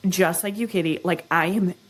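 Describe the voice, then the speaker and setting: A young adult woman, a guest expert, explaining stress in an animated, teaching way and often checking in with "right?" and "okay?". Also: fairly low pitch, moderate pace. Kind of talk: explanatory interview talk.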